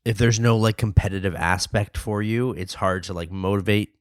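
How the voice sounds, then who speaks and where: A man's voice: lowish voice, steady tone, moderate pace, clear, resonant tone, no room sound, studio quality. A man hosting a podcast in casual chat, easygoing and self-deprecating, with a somewhat nasal voice. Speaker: podcast host.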